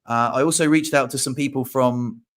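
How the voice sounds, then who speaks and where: A man co-hosting a casual chat, telling stories in an animated way and acting out his own panic. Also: medium pitch, fairly quick. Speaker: co-host.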